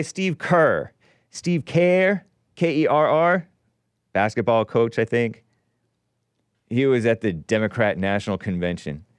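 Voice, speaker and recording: Smooth-voiced man in his forties. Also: medium pitch, no echo. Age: 40s. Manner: rambling, sarcastic, animated. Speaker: call-in show host. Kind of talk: political commentary.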